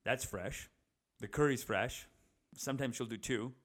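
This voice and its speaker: A young vlogger speaks unhurriedly in a medium-pitched, fairly bright voice, addressing the camera indoors at his parents' house. His casual, rambling monologue features swearing, frequent fillers, and restarts.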